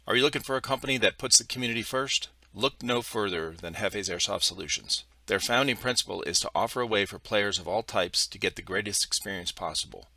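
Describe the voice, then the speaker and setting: A man hosting a podcast, easygoing and quick to laugh, who also reads the sponsor ads. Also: on the low side, bright, forceful tone, dry recording. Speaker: podcast host.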